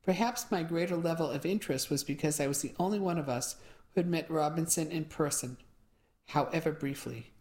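Low-voiced woman reading a mystery novel. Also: fairly quick, darkish tone. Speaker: audiobook narrator. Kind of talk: first-person audiobook narration.

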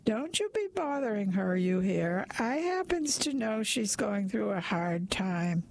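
A woman's voice: mid-range voice, expressive, slow, gravelly, full character voice. A woman doing a big unflappable laundry lady. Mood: soothing. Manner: folksy, soothing.

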